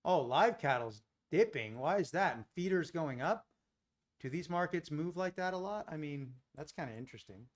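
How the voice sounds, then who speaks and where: A man's voice: fairly high pitch, expressive, normal speed. A man hosting a live day-trading stream, thinking aloud through his trades and chatting with viewers. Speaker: day trading livestream host.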